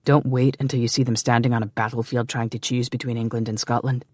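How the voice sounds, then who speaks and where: A man voicing a proud, scheming Scottish man who speaks low, heavily and with a sneer. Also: flat delivery, fast talker, darkish tone, no echo, lightly acted. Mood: pleading.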